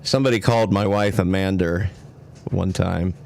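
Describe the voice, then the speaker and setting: A man's voice: sits low, steady tone, moderate pace, vocal fry, a little mellow. An American man co-hosting a casual livestream chat, teasing the others with wisecracks. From United States. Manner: wisecracking, teasing with made-up place names.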